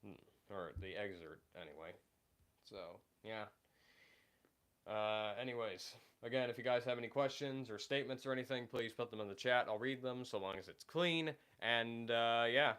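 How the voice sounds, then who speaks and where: Still getting over an illness, this livestream host reads chat in a mid-range, slightly bright and smooth voice at normal speed. He rambles casually and hesitantly, using plenty of fillers.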